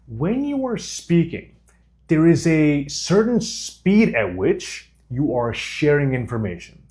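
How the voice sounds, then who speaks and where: A man delivers an instructional talk to camera in a middle-pitched voice. He speaks deliberately, leaving small pauses between his phrases, and his intonation rises and falls in a lively way. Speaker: communication coach.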